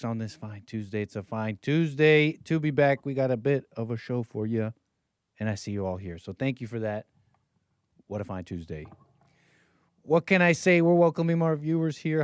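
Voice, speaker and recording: A man's voice: mid-range voice, a little mellow, no echo. Joking male live-stream host, dry sound. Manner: joking, teasing the viewers; loose, rambling asides. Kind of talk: casual live-stream chat.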